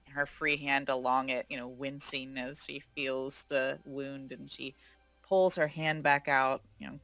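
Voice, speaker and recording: A player narrating a character's actions in a tabletop game, slowly and with many fillers. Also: mid-range voice, bright, forceful tone, dry recording. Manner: slow, meandering, full of fillers. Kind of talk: tabletop role-play narration.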